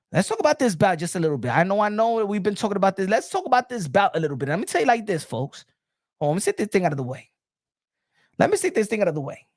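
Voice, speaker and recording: A man's voice: high voice, no room sound, studio quality. A man hosting a boxing channel, giving hyped commentary and repeating his points. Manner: hype-driven, repeats phrases.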